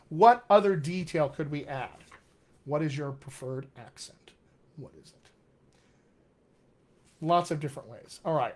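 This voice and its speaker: A man with a loud, booming voice and a General American accent with West Texas and upstate New York touches, a dialect coach reading viewer comments and answering them on a live stream. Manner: articulate, reads viewer comments aloud and answers warmly. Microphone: webcam or computer mic on a live stream.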